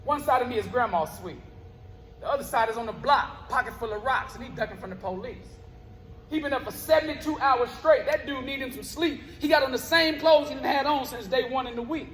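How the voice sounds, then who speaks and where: A man's voice: extremely high pitch, a little fast, a bit bright, slight background noise. A man performing spoken word poetry live on stage, with a rhythmic, rhyming delivery. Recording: roomy live venue with long reverb.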